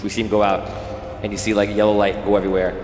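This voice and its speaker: A man's voice: fairly low pitch, monotone, very fast, a little mellow. A man narrating a tabletop game as game master, rambling with many fillers, over background music.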